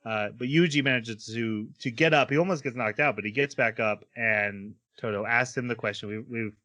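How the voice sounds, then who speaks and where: A man's voice: mid-range voice, moderate pace, bright, forceful tone. A man hosting a casual anime podcast, recapping episodes and laughing often. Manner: laughs often while recapping plot, acts out quotes. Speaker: podcast host.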